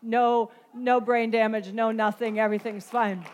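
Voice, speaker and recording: A woman's voice: fairly high pitch, flat delivery, normal speed, some chatter behind, slight background noise. A middle-aged woman preaching a sermon, telling a story and building to impassioned emphasis.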